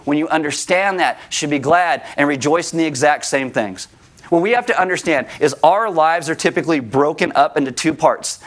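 Joking conversational male pastor preaching. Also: on the high side. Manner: conversational, joking asides to the congregation. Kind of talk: sermon.

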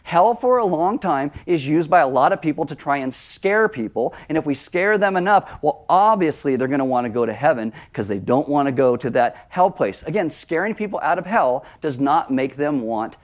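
A middle-aged man preaching a sermon as pastor, conversational, with lively asides. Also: a little high, normal speed, few pauses.

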